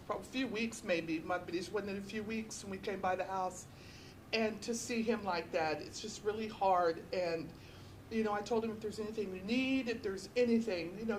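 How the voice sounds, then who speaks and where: A woman's voice: medium pitch, slight background noise. A woman sharing personal memories of a friend at a memorial gathering, telling stories with laughter and tenderness. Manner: storytelling, often laughing while recalling, then tender. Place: memorial gathering at a funeral home.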